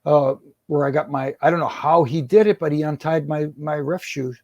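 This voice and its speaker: A man's voice: fairly high pitch, moderate pace, darkish tone, no echo, dull audio. A middle-aged man, a former wrestling referee, tells rambling stories in an interview, restarting his sentences and chuckling. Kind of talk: storytelling in an interview.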